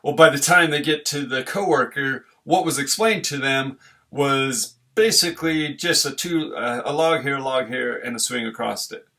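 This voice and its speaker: Middle-aged man, earnest conversational advice, bright tone. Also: mid-range voice, normal speed. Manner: earnest, conversational, explaining with homely examples. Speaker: relationship advice speaker. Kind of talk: casual talk.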